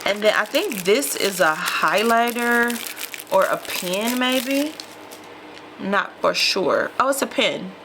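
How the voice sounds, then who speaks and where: A woman's voice: medium pitch, animated, slow pace, background noise. A woman vlogger chatting casually to her viewers while unboxing a mystery box, calling them y'all. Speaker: lifestyle vlogger.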